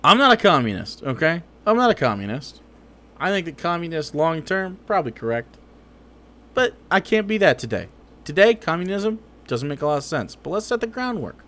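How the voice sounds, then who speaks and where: Male streamer, high voice, swings widely, sarcastic and cursing, political reaction commentary. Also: sing-song, fairly quick, pushed and bright. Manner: sarcastic, profane, heated.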